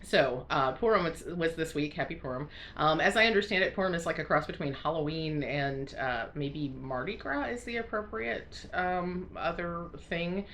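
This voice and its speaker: A woman's voice: low-pitched, normal speed, few pauses, fairly bright tone, slight background noise. A woman from the United States chatting casually to camera, rambling with lots of fillers and restarts, laughing often and sounding congested. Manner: frequent self-conscious laughter. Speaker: crafting vlogger.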